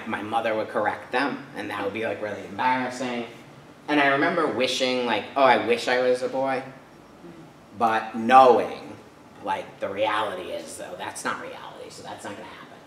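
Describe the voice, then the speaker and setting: A man's voice: fairly low pitch, a bit bright, slight background noise. Man from Rhode Island, guest speaker, casual chatty talk, distant mic, echoey church hall. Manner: casual, chatty, many fillers and tag questions. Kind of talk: personal talk to an audience.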